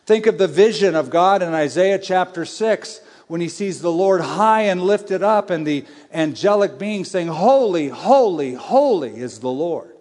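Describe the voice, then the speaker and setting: A man's voice: sits high, normal speed, hardly any pauses. Emphatic male preacher in a big hall. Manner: emphatic, conversational, swings between loud and hushed. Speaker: pastor. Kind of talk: sermon. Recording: long reverb of a large hall.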